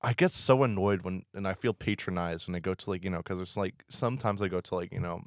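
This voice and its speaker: A man's voice: sits low, fast talker, clean tone, no echo, clean studio sound. A young man co-hosting a casual college podcast, chatty and rambling, with lots of fillers and laughter. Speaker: podcast co-host; campus equity and inclusion worker. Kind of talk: casual chat.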